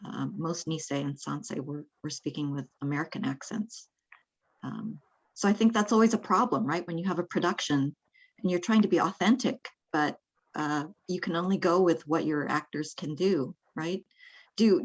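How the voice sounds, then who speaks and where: A woman with a notably low voice moderates a Q&A over a video call, chatting easily with ums between thoughts. Her audio is dull and a bit lo-fi. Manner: conversational, with ums, asks questions and reads one out.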